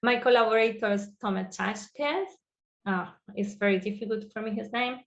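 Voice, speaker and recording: Woman researcher, mid-pitched, halting delivery, muffled video call sound. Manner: halting non-native phrasing with many fillers. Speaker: guest researcher. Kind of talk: presenting a lecture over video call.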